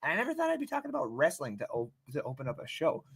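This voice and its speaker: A man hosting a casual live-stream sports talk show, swearing often, rambling excitedly and reading out viewer comments. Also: a little high, rapid-fire, gravelly, breathy edge. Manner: reads out and thanks chat viewers.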